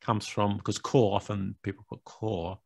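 A man's voice: on the low side, little pitch movement, measured pace, vocal fry, breathy edge, no room sound. A British man co-hosting a podcast, chatting casually and joking, often laughing as he explains words. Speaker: podcast co-host. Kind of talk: casual chat.

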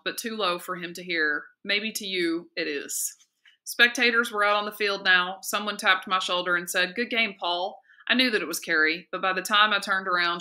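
Woman teacher, novel read-aloud, expressive, steady, very bright clear tone. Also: fairly low pitch. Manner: steady, lively expressive reading.

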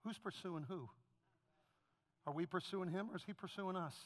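A man's voice: high voice, normal speed. A man preaching a sermon as pastor, then leading the congregation in an emotional prayer. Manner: impassioned preaching, rising to a shout.

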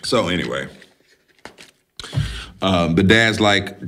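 Low-voiced man recapping a film, animated. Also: takes it slowly, long pauses. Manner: animated, profane storytelling, acting out characters. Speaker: podcast host.

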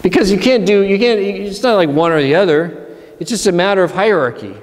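An abbot of a monastery, from Pennsylvania, speaks in a high-pitched voice a bit quickly, with a long reverb tail trailing his words. He gives a conversational sermon at a retreat in a church, acting out inner voices.

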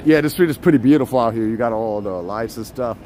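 A man's voice: medium pitch, fast talker. A man from Puerto Rico chatting playfully with viewers while walking city streets at night, filmed on a handheld phone. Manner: playful, teasing chat with viewers, bursts of loud shouted names. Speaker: livestream host. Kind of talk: live street vlog chat. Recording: faint street noise outdoors. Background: street and traffic noise.

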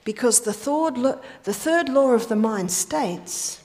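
A woman speaking to a church audience in a sermon-like lecture. Her voice sits fairly high, and she tells stories with emphasis. She drops to a near whisper to land her points. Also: animated, unhurried, a little mellow. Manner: storytelling, emphatic, rhetorical questions, drops to a whisper on key points.

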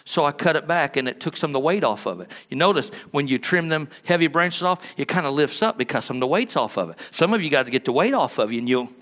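Male pastor, folksy storyteller, bright ringing tone. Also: on the high side, fast, few pauses. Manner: storytelling, rises to loud animated peaks; folksy, conversational delivery. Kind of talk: sermon.

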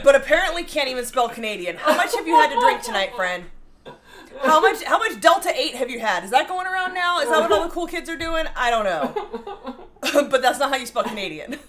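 A woman co-hosting a home baking livestream, reading viewer comments aloud and laughing often as she chats. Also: high voice. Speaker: cooking show co-host. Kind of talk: casual livestream chat.

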